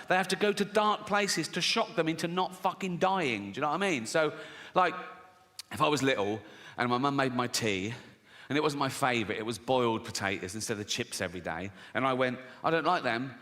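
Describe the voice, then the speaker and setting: A man's voice: a little high, fairly quick, sharp tone. A man doing stand-up comedy, telling brash stories, swearing freely and laughing at his own jokes. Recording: long hall reverb, faint noise.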